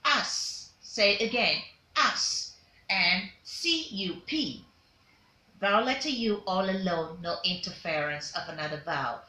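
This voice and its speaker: A diction teacher leads a pronunciation lesson in call-and-response form, drilling vowel sounds while learners echo words back to her. Her voice is fairly low, with lively intonation, a sharp tone, and a normal pace. The sound is reverberant.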